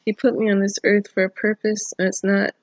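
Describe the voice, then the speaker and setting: A woman's voice: mid-range voice, little pitch movement, a little fast. A middle-aged woman sharing an emotional, prayerful personal testimony in a video diary, tearful and rambling at times. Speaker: vlogger. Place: home. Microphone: phone camera.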